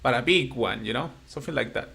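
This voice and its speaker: A man teaching a beginner class in English, patient and encouraging as he explains rules slowly. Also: medium pitch, creaky, pushed and bright. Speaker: Spanish teacher. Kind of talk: live-streamed online language lesson.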